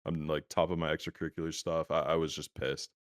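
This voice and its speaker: Relaxed and heavy on fillers like "um" and "like," a young interview guest talks fast in a deep, smooth, resonant voice. His dry recording has no room sound and arrives through a video call whose laggy connection stutters now and then.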